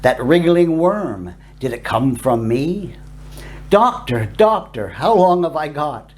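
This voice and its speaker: A man voicing a dying patient who pleads with a doctor in a slow, sing-song rhyming recital. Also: a little high, animated. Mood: pleading.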